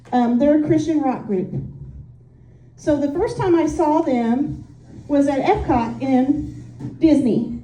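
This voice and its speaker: A high-voiced woman from Indiana does a stand-up set, rambling through stories in a chatty, self-mocking way. Her tone is dark and mellow. The sound comes from a distance and echoes around the room. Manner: chatty, self-deprecating storytelling with frequent "um"s. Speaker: stand-up comic.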